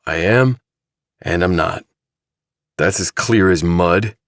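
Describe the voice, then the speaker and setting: A calm, probing investigator, read by a deep-voiced man. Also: takes it slowly, no echo, clean studio sound, full character voice. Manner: level, pressing questions. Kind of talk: audiobook dramatization.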